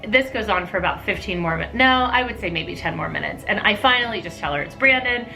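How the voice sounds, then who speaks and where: Bright-voiced middle-aged woman telling stories. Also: mid-range voice, fast, gravelly, soft background music. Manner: lively, animated, laughing storyteller. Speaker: mother telling a family story. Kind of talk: casual storytime vlog.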